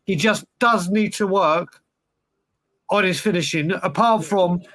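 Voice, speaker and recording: Male podcast co-host, high pitch, emphatic and rambling. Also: a little slow, fairly bright tone. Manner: rambling, restarts, emphatic opinions. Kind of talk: casual football chat.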